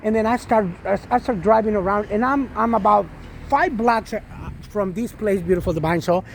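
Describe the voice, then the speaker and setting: Speaking at a normal pace in a high, creaky voice, this father and vlogger rambles through a spiritual tale about his daughter. There are many restarts and repeated terms of endearment, plus a little background noise.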